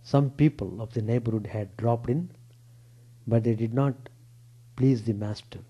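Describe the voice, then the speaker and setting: A monk reading a scriptural account aloud in a temple lecture, measured, with rises on quoted words and a low drop on narration. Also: male voice, dark tone, husky, low-quality recording. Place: temple hall.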